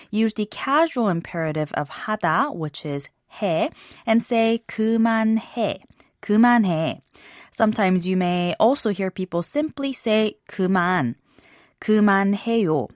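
A woman hosting a scripted language lesson, explaining phrases in a measured way and slowing down on key words. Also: medium pitch, no echo, studio quality.

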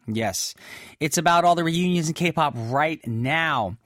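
A man's voice: a little high, measured pace, fairly bright tone, no room sound, clean studio sound. A man hosting a radio show in casual, playful chat, dropping easy asides as he reads listener messages. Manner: chatty and playful, with many "mm-hmm" and "y'all" asides. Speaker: radio host.

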